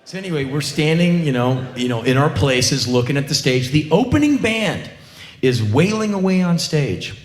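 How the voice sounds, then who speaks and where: A man's voice: fairly high pitch, animated, normal speed, roomy sound, a little hiss or hum. A middle-aged man telling a sarcastic, profane comic story on stage. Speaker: spoken-word comedian.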